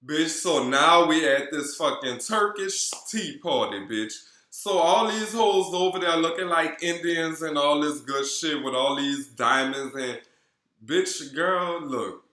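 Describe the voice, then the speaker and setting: A man's voice: a little high, slow. Sassy man with a New Orleans accent. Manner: sassy, animated, swears constantly, calls viewers girl. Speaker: reality TV recap vlogger. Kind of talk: casual profane gossip recap. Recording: roomy echo.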